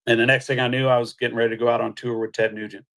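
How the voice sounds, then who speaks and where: A man's voice: medium pitch, rapid-fire, vocal fry. Middle-aged male guest, mid-range voice, casual storyteller who acts out quotes. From Missouri. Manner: animated anecdote-telling, acts out quotes, laughs. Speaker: guest, country singer.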